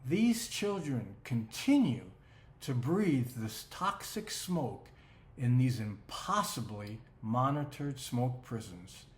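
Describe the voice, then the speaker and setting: Emphatic slow-talking man narrating. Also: mid-range voice, lively intonation. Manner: emphatic, rhetorical. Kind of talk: scripted narration. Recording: roomy echo.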